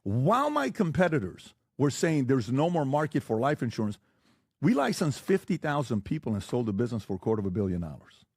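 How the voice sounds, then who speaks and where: A forceful man lecturing in a debate. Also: mid-range voice, big pitch swings, brisk, husky, dry recording, studio quality. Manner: forceful, fires rhetorical questions; lectures and gives blunt warnings. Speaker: podcast guest debating the host. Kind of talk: heated debate.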